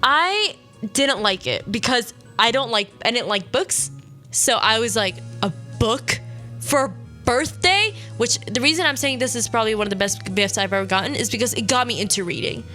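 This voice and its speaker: Young woman, radio host, slightly high voice, bright tone, rambling casual storytelling, sniffly, faint music behind. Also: expressive, fairly quick. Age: young adult. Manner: chatty, rambling, self-correcting, many "like"s.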